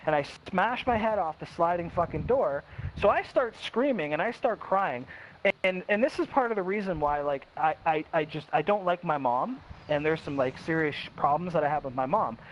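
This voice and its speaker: A man's voice: a little high, animated. A young man telling a personal story in a blunt, casual way, swearing heavily and acting out quotes. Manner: blunt, heavy swearing, quick quoted voices, restarts. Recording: dull lo-fi with faint hiss.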